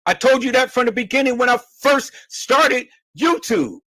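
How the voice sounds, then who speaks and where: A man's voice: very high-pitched, expressive, normal speed, sharp tone, dry recording. A man hosting a livestream and answering viewer questions, emphatic and insistent, often stammering and repeating words. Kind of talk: heated livestream talk.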